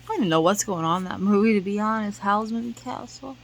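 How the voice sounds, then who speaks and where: A woman's voice: medium pitch, fast talker, a little hiss or hum, low-quality recording. A woman telling a rambling, emotional story in a casual vlog, sometimes drifting into half-whispered singing. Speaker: vlogger.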